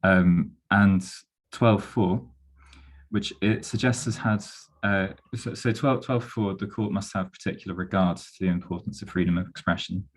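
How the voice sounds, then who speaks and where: Very deep-voiced man presenting. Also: normal speed. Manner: analytical, explains step by step. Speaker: webinar speaker. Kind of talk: online webinar presentation.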